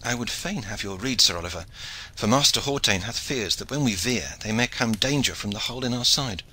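A man's voice: medium pitch, expressive, brisk, pushed and bright, husky, rough recording. A man reading an audiobook, voicing a courteous and precise medieval knight with formal speech. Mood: grave.

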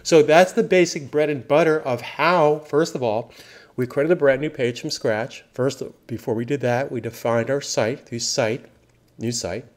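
Guy doing a screencast tutorial, upbeat and punchy, repeats stuff for emphasis, mid-pitched voice. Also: normal speed. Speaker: software trainer.

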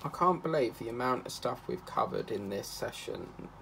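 A chatty man rambles through stories while he works on a craft project. His mid-pitched voice has a gravelly fry to it. A faint hum sits behind him. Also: expressive, moderate pace, pushed and bright. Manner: rambling, chatty, breaks into snatches of song. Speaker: craft channel host. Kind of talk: casual chat while crafting.

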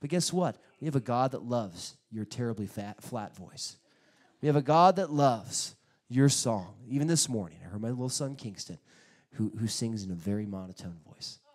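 A male pastor preaching a sermon, telling stories in an animated way, acting out quotes and bursting out loudly at times. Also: medium pitch, normal speed. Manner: animated storytelling with sudden loud bursts; acts out quotes in his stories.

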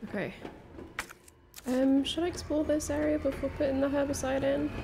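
A woman's voice: sits high, level tone, normal speed, noisy background. A young woman streaming her first playthrough of a game, chatting casually, swearing and spiraling into panicked repeated words. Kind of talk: casual gameplay commentary.

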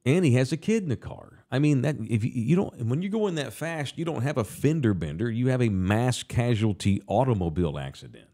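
A man's voice: medium pitch, big pitch swings, a little fast, hardly any pauses, mellow. A man hosting a casual talk show, ranting profanely and with animation.

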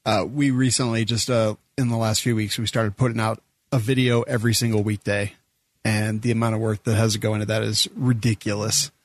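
A man's voice: on the low side, level tone, fairly quick, no room sound. A man hosting a podcast, chatty and joking at his own expense as he asks questions and tells stories. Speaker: podcast host. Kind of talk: casual podcast chat.

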